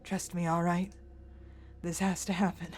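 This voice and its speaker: A woman voicing a dying young male huntsman, reading his game lines aloud in a soft, calm, tender way. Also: on the low side, unhurried, slight background noise, natural voice. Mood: soothing. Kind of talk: reading visual novel dialogue aloud.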